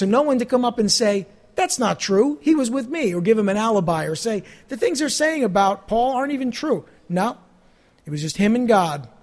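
A male pastor with a notably high-pitched voice delivers a sermon. He talks in a relaxed, conversational way, full of everyday asides. His voice rises and grows louder on the phrases he wants to stress. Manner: conversational preaching with fillers, rising emphasis on key phrases.

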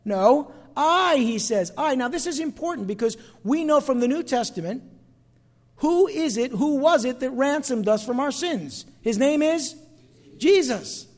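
A middle-aged pastor preaching in an emphatic style, leaning on phrases and drawing responses from his congregation. His voice sits very high for a man. The sound carries the long reverb of a church hall. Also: expressive, unhurried, a little mellow. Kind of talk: sermon. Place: church sanctuary.

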